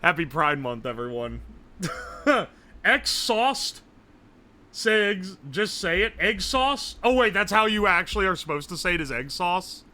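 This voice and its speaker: Bright, lively young streamer guy. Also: high voice, a little slow. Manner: loud, joking, swears often, laughs a lot. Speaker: livestreamer. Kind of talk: casual live-stream banter.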